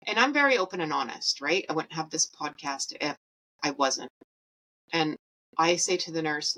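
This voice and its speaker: A woman with a low voice and a bright, forceful tone hosts her podcast alone. She tells her own story candidly, with dry humor and plain emotion, and acts out the people in it. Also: normal speed, pauses often, low-quality recording. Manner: candid, wry and emotional, with quoted asides. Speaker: podcast host. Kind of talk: personal storytelling monologue.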